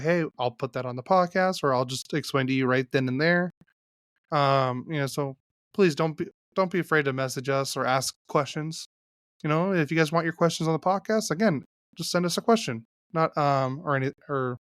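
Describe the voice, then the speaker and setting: A male podcast host chatting casually and wrapping up the show, often losing his train of thought. His voice is smooth and clear. It is recorded dry and close on the mic. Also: on the high side, fairly bright tone, no echo. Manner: loose, halting sign-off with restarts. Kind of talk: casual chat.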